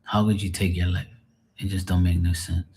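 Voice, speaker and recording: A man's voice: low voice, level tone, normal speed, warm tone. A man on a live stream venting in a rambling, emotional monologue, swearing often and sounding drained and sad.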